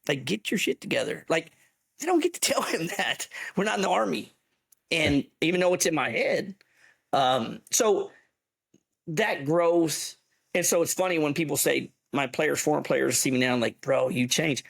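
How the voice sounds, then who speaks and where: A man co-hosting a podcast, a softball coach talking bluntly and with emphasis, swearing casually. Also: on the high side, animated, moderate pace, vocal fry, slightly rough.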